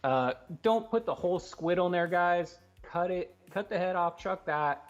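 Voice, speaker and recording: A man co-hosting a fishing talk show, explaining gear and rigs in a fast, excited, casual way and laughing often. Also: high voice, muffled recording. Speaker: co-host giving fishing tips.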